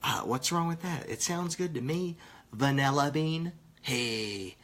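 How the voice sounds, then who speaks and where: A stoned man rambling through a casual live vlog, swearing and bantering with viewers, sometimes dropping to hushed asides. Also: on the high side, lively intonation, measured pace, husky. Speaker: vlogger.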